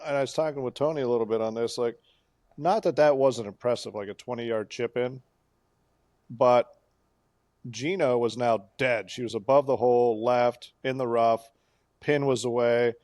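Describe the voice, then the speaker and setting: Male co-host, mid-pitched, excitable play-by-play storyteller, dry close recording. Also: moderate pace, dry recording. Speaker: podcast co-host. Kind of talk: casual golf podcast chat.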